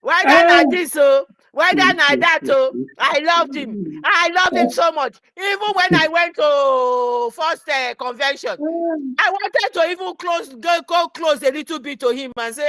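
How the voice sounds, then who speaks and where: A Nigerian woman telling a story in an excitable casual chat, mixing in pidgin. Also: sits high, a little slow, no room sound.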